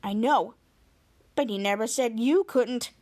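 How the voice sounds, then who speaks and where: A woman repeating the lines of a teenage boy hero facing a fight. He sounds nervous and cracks jokes, in a high, bright-sounding voice. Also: unhurried.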